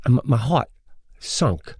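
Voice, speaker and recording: A middle-aged man tells a story on a podcast, loose and animated, cursing often and slipping into the voices of the people involved. His voice sits at an ordinary middle pitch, and the recording is close and dry with no room sound. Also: unhurried, vocal fry, slightly rough, dry recording. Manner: animated, profane, acts out the people in his stories. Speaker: podcast co-host. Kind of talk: casual storytelling.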